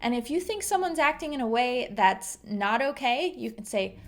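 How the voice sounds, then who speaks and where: A woman teaching English idioms to learners, explaining each phrase patiently and clearly and acting out example lines. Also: fairly high pitch, expressive, normal speed, a little hiss or hum.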